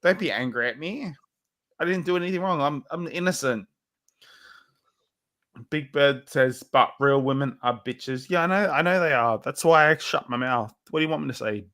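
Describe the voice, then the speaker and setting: A man's voice: a little high, moderate pace, sharp tone. A drunk man with hiccups, rambling on a livestream while reading the chat, swinging between insults and self-pity. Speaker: livestream co-host.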